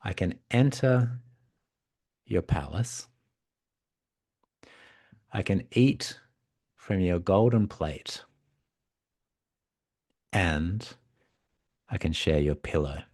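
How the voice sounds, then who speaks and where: A man voicing a cheerful, eager male talking frog in a fairy tale retelling, with a bright, coaxing, bouncy delivery. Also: deep voice, very slow, pauses often, no echo, studio quality, full character voice.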